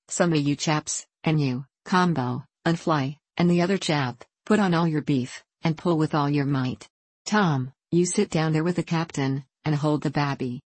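A woman voicing a kindly, hearty old male sailor who talks in a slow, earnest seaman's way in a storybook reading. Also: low voice, a little mellow, dry recording.

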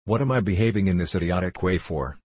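Gushing, fussy old landowner full of endearments, read by a man in a low, husky voice for an audiobook play. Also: expressive, fast talker, a little mellow, no echo. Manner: showers everyone with pet names. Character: effusive elderly male landowner, gushing and fussy.

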